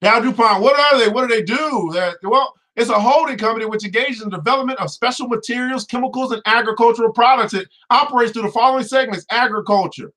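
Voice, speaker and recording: A man hosting a finance show in an energetic, preachy way, full of exclamatory asides. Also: very high voice, quick pace, few pauses. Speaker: host. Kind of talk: casual finance show talk.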